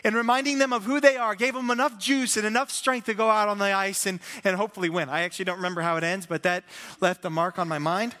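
A man's voice: high-pitched, quick pace, big-room sound. A man preaching a sermon as pastor, telling stories with acted-out quotes and a self-deprecating humor. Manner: animated storytelling with acted-out quotes.

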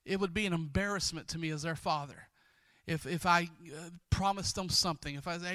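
A man pastoring a congregation, exhorting quickly and praying with many repeated words. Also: on the high side, bright, forceful tone, dry recording. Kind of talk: sermon and closing prayer.

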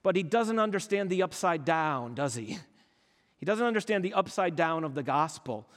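A pastor with a high voice and lively intonation preaches to his congregation at a normal pace, emphatic and full of rhetorical questions. His tone is fairly bright, and the church hall gives the recording a long reverb.

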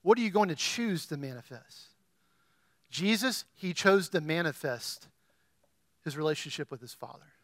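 Man preaching, high-pitched, questioning the crowd, loud emphatic peaks, dry recording. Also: expressive, normal speed, pauses often, no room sound. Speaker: pastor. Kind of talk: sermon.

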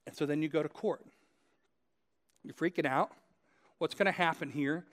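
A male pastor with a fairly high voice preaches at a moderate pace, addressing listeners directly in a conversational, story-driven style and repeating phrases for emphasis.

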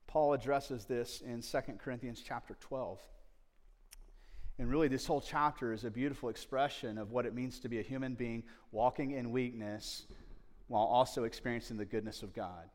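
A male pastor giving a conversational sermon, his voice swinging from quiet asides to loud, emphatic peaks. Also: medium pitch, normal speed, long reverb tail.

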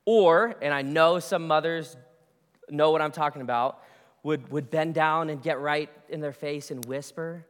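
A man's voice: fairly high pitch, unhurried, clear, resonant tone. A male pastor preaching a sermon in a conversational, storytelling way, often restarting his phrases. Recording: long reverb of a large hall.

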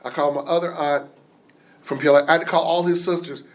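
A man telling a personal story in an animated way, acting out the voices of the people in it. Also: a little high, fast talker. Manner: animated, acts out quoted voices.

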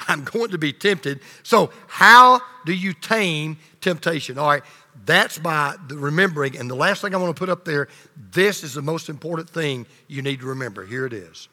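A male pastor preaching a sermon, swinging between loud emphasis and hushed low lines, leading the congregation in call and response. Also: animated, normal speed. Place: church sanctuary. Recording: long reverb of a large hall.

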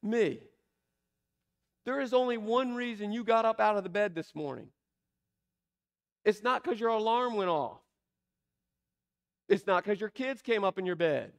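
A man preaching a sermon, asking emphatic rhetorical questions and slowing down to stress key words. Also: sits high, expressive, gravelly. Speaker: pastor.

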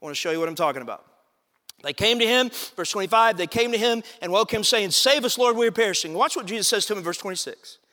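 A man's voice: high voice, expressive, fast talker, pushed and bright, long reverb tail. A man pastor preaching a sermon, building his points through repetition and rising emphasis.

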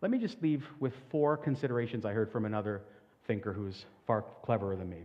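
A male pastor delivers a sermon in a large hall, his voice trailing off into long reverb. He talks earnestly and builds to loud, emphatic peaks. The recording sounds slightly muffled. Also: on the low side, fast.

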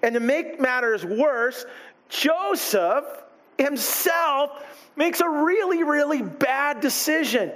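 High-voiced man preaching animatedly. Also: slow pace. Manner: animated, acts out quoted characters. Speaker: pastor. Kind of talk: sermon.

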